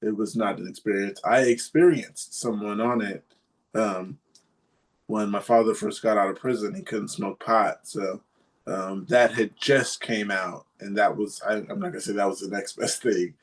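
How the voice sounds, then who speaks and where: A man's voice: on the low side, normal speed. A man in a podcast chat, telling a story in a rambling way with many ums and restarts. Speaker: podcast guest or co-host.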